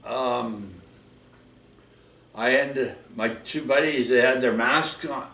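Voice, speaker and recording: Man, unhurried rambling storyteller with tag questions; roomy echo, distant mic. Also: mid-range voice, fairly even intonation, vocal fry, a bit bright. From Canada. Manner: rambling, full of restarts and tag questions like "right?" and "eh?". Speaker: vlog storyteller. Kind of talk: casual spoken storytelling.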